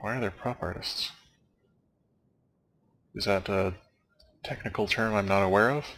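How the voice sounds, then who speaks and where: A man's voice: lowish voice, steady tone, unhurried, fairly bright tone. A young man casually rambling as a let's play commentator, making wry, dry jokes and wandering off on asides. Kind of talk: casual rambling commentary over game credits.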